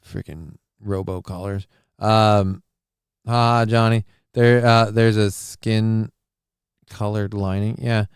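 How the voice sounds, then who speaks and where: A man's voice: fairly low pitch, level tone, takes it slowly, clear, resonant tone, no room sound, studio quality. Jokey male livestream host riffing. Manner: jokey, riffs loudly on viewer comments, rambling. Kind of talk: casual chat reading live chat.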